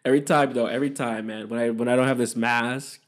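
A young podcast host rambles through a casual solo monologue, cursing freely while sharing his opinions. His middle-pitched voice stays steady and moves fast.

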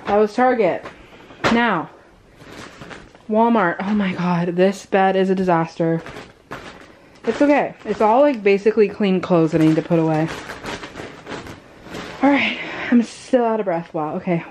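A woman's voice: mid-range voice, moderate pace, long pauses, darkish tone, a little hiss or hum. A young woman chatting casually to the camera as a vlogger, loose and rambling with many fillers. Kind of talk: casual vlog haul chat.

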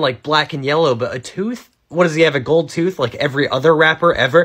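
A man in his twenties giving a casual comedic monologue, sarcastic and rambling, jumping between loud outbursts and muttered asides. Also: fairly high pitch, a little fast, hardly any pauses, slightly rough. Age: 20s. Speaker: comedy creator.

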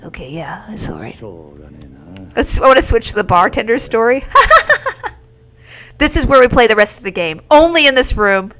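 A woman streaming a video game live, reacting excitably with yelps and exclamations. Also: a little high, fairly quick, long pauses. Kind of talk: live gameplay commentary. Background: faint game music.

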